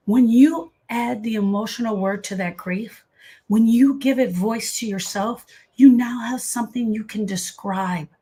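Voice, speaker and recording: Woman, middle-aged, grief coach, casual livestream talk, earnest and emphatic, fairly high voice. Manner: earnest, emphatic, addresses viewers by name. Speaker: grief coach hosting a live session. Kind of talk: casual livestream talk answering viewer comments.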